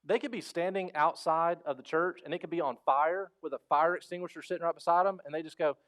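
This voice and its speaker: A man preaching a sermon as pastor, animated and conversational, acting out voices and asking the congregation questions. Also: on the high side, fast talker. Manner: animated storytelling, acts out quoted voices; conversational, asks the crowd questions.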